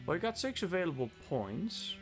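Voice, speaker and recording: A man's voice: a little high, very animated, normal speed, faint music behind. A man from the Netherlands streaming a game live, joking about himself and swearing freely as he talks through his inventory. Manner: joking, self-mocking, swears often. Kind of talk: casual live gameplay commentary.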